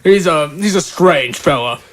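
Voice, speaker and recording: A man's voice: on the high side, animated, measured pace, fairly bright tone. Guy doing a spoiled noble heir, lecherous, offhand, bragging. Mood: nonchalant.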